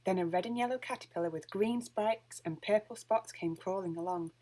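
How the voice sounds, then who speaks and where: A woman reading a children's picture book aloud with lively, expressive storytelling. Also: medium pitch, brisk. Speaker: storybook reader.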